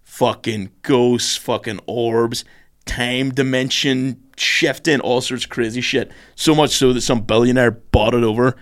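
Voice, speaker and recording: A man's voice: medium pitch, measured pace. A man, hosting a podcast in casual chat, telling stories with lots of swearing. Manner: swears a lot, animated storytelling. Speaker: podcast host.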